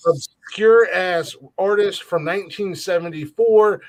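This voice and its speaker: A man's voice: high-pitched, a little slow. A man co-hosting a comedy podcast in casual banter, brash and profane, teasing his friends and rattling off plugs for the show. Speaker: podcast co-host.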